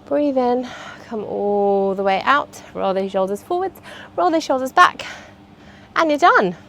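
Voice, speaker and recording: A woman's voice: on the high side, lively intonation, a little slow, fairly bright tone, a little hiss or hum. Chatty woman leading a workout. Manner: chatty and encouraging, cueing movements. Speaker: fitness instructor. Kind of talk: guided workout instruction.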